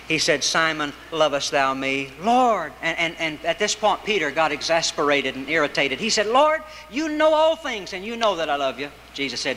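Male preacher, bright, forceful sermon voice, rhythmic delivery, long hall echo. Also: a little high. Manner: rhythmic preaching with wide swings between raised and hushed delivery. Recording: reverberant hall with faint background noise.

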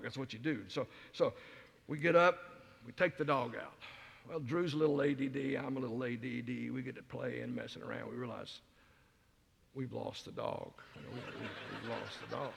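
Older male guest preacher, gravelly and husky, folksy storyteller in a big reverberant hall. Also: medium pitch, fairly even intonation, fairly quick. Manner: folksy storyteller, self-mocking jokes. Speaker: guest speaker. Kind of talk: sermon with personal stories.

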